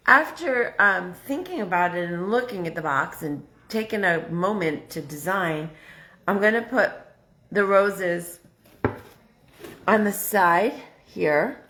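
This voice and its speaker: A woman hosting a casual live craft stream, chatty and excitable, thinking out loud as she works. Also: lowish voice, slow, roomy sound. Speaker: craft livestream host.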